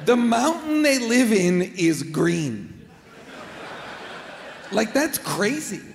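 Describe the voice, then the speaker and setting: A man co-hosting a live comedy podcast about a movie, rambling excitedly and acting out characters. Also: sits high, very slow, creaky, reverberant, big-room sound, slight background noise. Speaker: podcast co-host. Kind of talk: casual comedic movie chat before a live audience. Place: live stage in a large hall.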